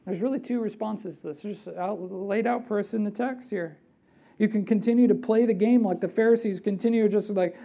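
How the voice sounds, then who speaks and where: Animated woman preaching a sermon. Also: mid-range voice, fairly quick, gravelly. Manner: animated and conversational, with rhetorical questions; drops to a hushed, earnest voice for emphasis.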